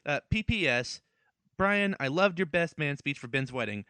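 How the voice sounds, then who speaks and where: A man co-hosting a casual comedy podcast, teasing his partner with quick jokey quips. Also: on the high side, expressive, bright, forceful tone, clean tone, no echo. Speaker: podcast co-host.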